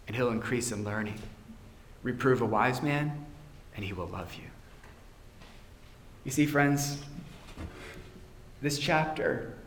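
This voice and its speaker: A man's voice: mid-range voice, slight background noise. Man preaching a sermon in an echoing church. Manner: earnest preaching, drops to a quiet intense tone on key points. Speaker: pastor. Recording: roomy church echo.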